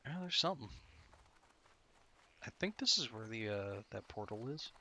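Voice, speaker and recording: Sleepy, gravelly-voiced man streaming a game. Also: medium pitch, big pitch swings, moderate pace, sharp tone, slight background noise. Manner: rambling, profane, self-talking. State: sleepy, tired. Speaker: streamer playing an online game. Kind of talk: casual live gameplay commentary.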